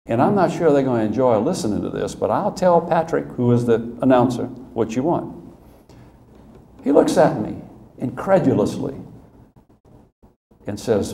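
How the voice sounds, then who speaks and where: A man giving a humorous storytelling speech as guest speaker at a club luncheon, conversational and animated, with asides. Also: mid-range voice, moderate pace, creaky. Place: event hall at a club luncheon. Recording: echoey room with faint noise.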